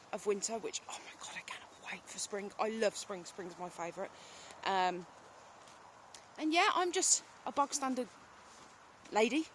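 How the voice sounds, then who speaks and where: A woman in her thirties with a British accent, chatting casually to a phone while out riding her horse in the countryside, rambling with lots of ums and talking to the horse now and then. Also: a little high. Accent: British English. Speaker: vlogger. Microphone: phone held while riding. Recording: faint outdoor noise. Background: outdoor ambience with animal sounds.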